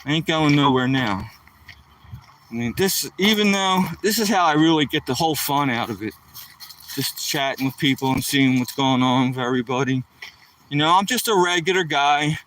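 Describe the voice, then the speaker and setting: A man from the East Coast of the United States live streams while walking outdoors, chatting nonstop with viewers in a hyper, jokey, talkative way. His voice is a little high and fairly bright at a normal speed, picked up by a distant mic on a rough recording with a little hiss or hum.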